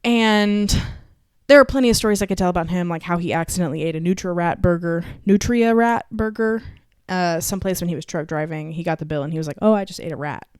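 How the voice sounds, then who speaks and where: A woman from Texas with a Texan accent, co-hosting a podcast and telling family stories in an animated, casual way with some swearing. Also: on the low side, fast talker, smooth, no room sound, clean studio sound. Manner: animated storytelling with swearing and laughter. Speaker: podcast co-host. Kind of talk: casual chat.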